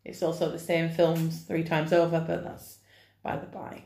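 A woman's voice: low-pitched, monotone, moderate pace, mellow. Woman cohosting a chill podcast, wry, laid back, roomy echo. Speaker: podcast co-host. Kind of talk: casual podcast chat. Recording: echoey room.

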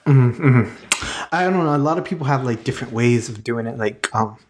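A man in a relaxed podcast conversation, with a voice of ordinary middle pitch. He rambles, circling back with "like" and "you know" as he gropes for words. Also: moderate pace. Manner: rambling, many fillers and restarts. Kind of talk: casual chat.

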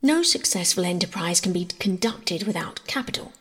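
Woman reading as a dry, scheming gentleman. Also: on the low side, lively intonation. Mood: dry, measured. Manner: dry, measured. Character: calm scheming gentleman, cool and precise. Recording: husky voice in long reverb.

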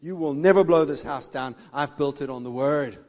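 A man preaching a sermon with fervour, swinging between shouted declarations and hushed asides. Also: fairly high pitch, moderate pace. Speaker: pastor. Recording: long reverb of a big hall.

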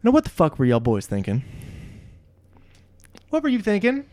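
A man's voice: high-pitched, wildly swooping pitch, normal speed, a little mellow. A man voicing a big, bossy wrestling booker who scolds and swears while barking orders. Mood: ranting.

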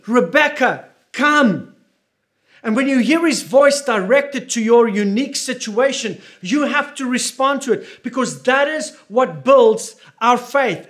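A man with a strikingly high voice preaches a sermon. He hammers his points home by repeating phrases and putting questions to the listeners.

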